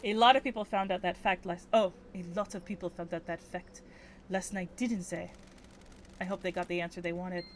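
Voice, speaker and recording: A woman's voice: lowish voice, fairly even intonation, brisk, slight background noise, lightly acted. A woman doing a musing French-accented ghost. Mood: reflective. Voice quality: put-on French accent, admittedly poor. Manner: musing, teasing questions. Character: dead woman awaiting justice, calm and philosophical.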